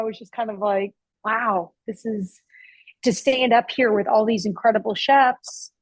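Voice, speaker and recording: A woman's voice: a little high, fairly even intonation, unhurried, husky, no echo, poor audio. Chatty woman chef with a dry close sound. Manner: chatty, with frequent restarts and fillers; swears casually. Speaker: barbecue restaurant owner and chef. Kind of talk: casual interview storytelling. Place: her restaurant.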